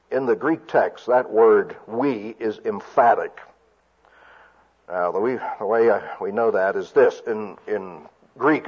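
A man works through a sermon, explaining each point carefully and often restarting his sentences. His voice is husky, and the recording sounds dull and lo-fi. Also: medium pitch. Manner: careful teaching with frequent restarts. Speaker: preacher. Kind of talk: expository sermon.

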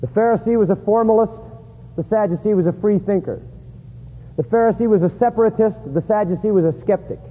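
A man preaching a sermon in an emphatic style, rising high and loud to stress points. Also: a little fast, breathy edge. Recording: echoey hall on a tinny lo-fi line.

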